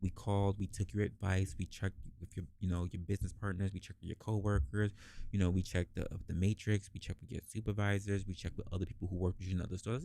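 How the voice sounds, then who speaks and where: A man hosting a podcast, telling a casual story and acting out the people in it with big jumps in pitch, swearing freely. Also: fast talker, creaky. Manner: animated, acts out quoted voices with big pitch jumps, swears. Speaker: podcast host.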